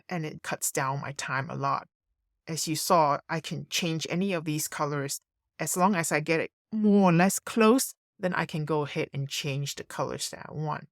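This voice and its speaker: A woman narrating a screen-recorded design tutorial, thinking aloud in a relaxed way as she works. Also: low voice, dry recording, clean studio sound.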